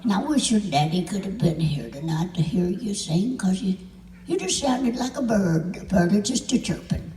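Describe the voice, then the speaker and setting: A woman's voice: medium pitch, expressive, normal speed, warm tone, roomy sound, long reverb tail, recorded from a distance, slight background noise, lightly acted. A woman voicing a sweet, tiny old lady fan who gushes fondly in a folksy way, told on a live stage. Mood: gushing. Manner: gushing, fond, folksy.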